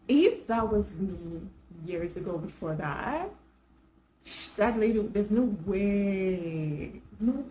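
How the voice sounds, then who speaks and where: Woman coach, chatty storyteller, mid-pitched voice, talks right to viewers, laughs a lot, faint noise behind. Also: rough recording. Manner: animated, laughs often while telling stories. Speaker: self-care coach for professional women. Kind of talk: casual storytelling vlog.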